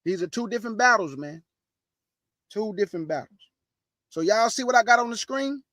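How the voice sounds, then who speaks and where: Preaching to his online audience, this show host has a strikingly high, fairly bright voice and an emphatic, fired-up delivery. He speaks casually with slang, repeats himself, throws out rhetorical questions and keeps calling listeners family. The recording is dry, with no echo.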